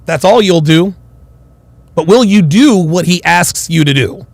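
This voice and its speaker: A man's voice: sits high, animated, measured pace, vocal fry, no echo. A man hosting a reaction commentary, slangy and swearing, talking over a clip.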